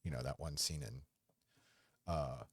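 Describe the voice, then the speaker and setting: Very deep husky-voiced man rambling. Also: dry recording. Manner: rambling, halting, talks fondly to his dog. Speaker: podcast host. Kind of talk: casual rambling livestream chat. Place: home. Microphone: desk microphone.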